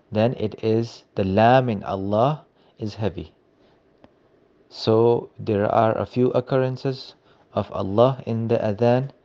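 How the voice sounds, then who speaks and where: A man teaching recitation rules in a slow, careful way, reciting examples between his explanations. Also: fairly low pitch, warm tone, highs cut off. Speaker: religious teacher. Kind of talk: recorded recitation lesson.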